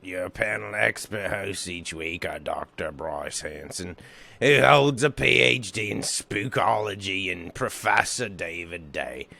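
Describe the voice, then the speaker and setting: A man's voice: low voice, lively intonation, measured pace, vocal fry, bright, forceful tone. A man hosting a horror film podcast, jokey and rambling, chatting casually and putting on silly voices now and then. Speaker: podcast host.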